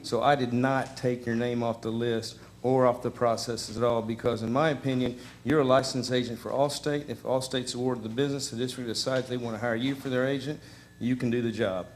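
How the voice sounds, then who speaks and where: A man speaking for a school district gives a measured, matter-of-fact statement at a board meeting. His voice sits at a medium pitch, and faint room ambience runs behind him. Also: steady tone, slight background noise.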